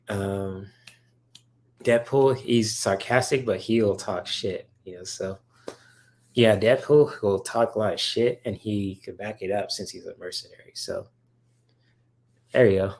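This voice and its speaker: A man hosting a relaxed livestream, reading viewers' chat and answering them. His voice sits low with a gravelly fry, and he talks in loose, rambling runs full of fillers. He sounds eager and chatty about the subject. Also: a little slow, long pauses. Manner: rambling, filler-heavy, enthusiastic about comics.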